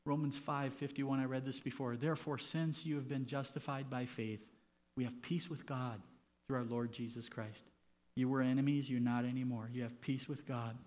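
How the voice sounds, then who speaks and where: A man preaching a sermon as pastor in a church, moving from quiet, personal reflection to loud, impassioned stretches. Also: medium pitch, fairly even intonation, moderate pace.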